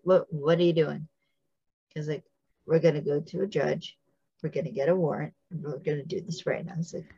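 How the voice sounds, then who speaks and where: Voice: medium pitch, darkish tone, husky, no room sound, highs cut off. A podcast host giving a casual, chatty recap of a TV episode, full of fillers and acted-out quotes.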